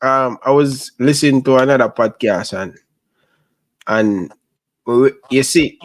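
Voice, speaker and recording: A man hosts a relaxed podcast conversation in a mid-range voice. He nudges his guest along with brief, casual questions. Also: mid-range voice, a little slow. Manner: short prompting questions. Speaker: podcast host.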